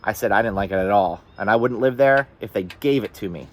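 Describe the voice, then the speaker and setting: A man's voice: lowish voice, brisk. Man reading a novel aloud, earnest. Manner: steady, earnest storytelling. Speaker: audiobook reader.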